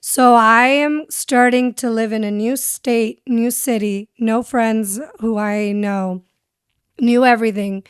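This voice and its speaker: A woman's voice: fairly high pitch, steady tone, slow pace, clean tone, no room sound, clean studio sound. A young woman speaking as a podcast guest and radio host, telling her story candidly and switching between English and Spanish. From San Diego. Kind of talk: casual interview chat.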